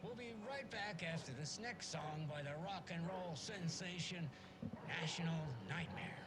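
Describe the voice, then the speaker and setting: An actor playing a chipper, folksy small-town radio host with a sing-song delivery, heard through noisy game audio. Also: male voice, fairly high pitch, measured pace, close to an everyday voice. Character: chipper middle-aged male radio host.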